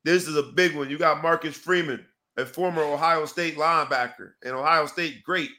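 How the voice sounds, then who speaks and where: A man co-hosting a relaxed sports talk show, his voice bright and forceful. He talks in an animated, hype-building way and strings together long, rambling pleas to the audience. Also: fairly high pitch, normal speed, few pauses. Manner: rambling sign-off with repeated pleas. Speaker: podcast co-host.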